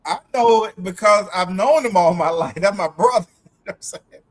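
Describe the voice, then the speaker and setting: Brief: high-pitched man, lively laughing host banter. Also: fairly quick. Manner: animated, laughing storyteller. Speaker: livestream co-host. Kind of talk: casual chat.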